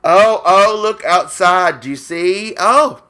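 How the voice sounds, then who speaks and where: A man co-hosting a comedy podcast, trading jokes in playful, drawn-out casual banter. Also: high voice, sharp tone. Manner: playful, jokey, slow and drawn out. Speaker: podcast co-host. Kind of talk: casual joke-telling banter.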